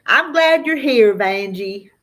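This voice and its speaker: A middle-aged woman with a slow Southern drawl talks casually to her live-stream viewers, her voice sitting a little high for a woman. She chats, answers comments and laughs often. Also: fairly bright tone. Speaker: farm vlogger answering live chat.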